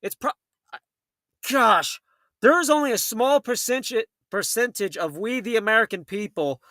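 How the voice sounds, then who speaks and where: A man hosting a late-night talk radio show, telling stories in a fast, heated way and acting out the people in them. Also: high voice, sharp tone, dry recording, clean studio sound. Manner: fast, heated storytelling with acted quotes.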